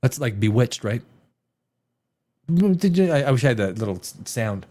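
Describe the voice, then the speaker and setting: A man's voice: medium pitch, normal speed. A man hosting a show as a screenwriter, ranting through a review with lots of restarts and swearing. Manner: animated, restarts often, swears, mimics dialogue.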